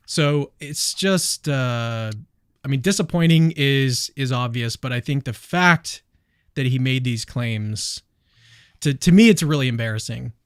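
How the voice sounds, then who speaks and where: A man hosts a casual livestream, talking quickly and loosely with fillers as he moves between topics. His voice is at an ordinary middle pitch. The recording is dry with no room sound. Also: clean tone, no room sound. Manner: quick, chatty, hedging with fillers. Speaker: livestream host.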